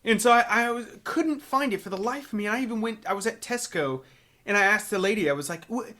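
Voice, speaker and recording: An American man co-hosting a podcast, chatting casually and telling playful, animated stories. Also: high voice, quick pace. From United States. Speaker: podcast co-host. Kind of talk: casual chat.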